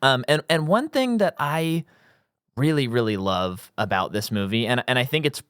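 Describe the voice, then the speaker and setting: A man's voice: medium pitch, expressive, moderate pace, fairly bright tone, clear, resonant tone, no echo. Man rambling about a movie, dry close mic. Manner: rambling, many ums, laughs easily. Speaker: podcast co-host. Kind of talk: casual movie chat.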